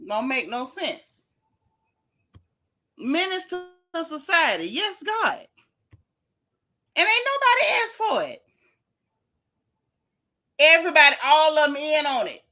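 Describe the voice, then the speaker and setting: A woman's voice: high-pitched, sing-song, slow pace, long pauses, pushed and bright. A woman hosting a livestream podcast, ranting in a casual, exasperated and emphatic way with dramatic repetition. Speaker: podcast host.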